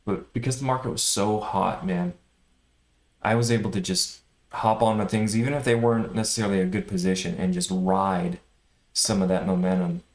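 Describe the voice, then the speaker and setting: A man recapping his day of stock trading in a casual, animated way, swinging between excitement and frustration. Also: fairly low pitch, moderate pace, reverberant. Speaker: day trader vlogger.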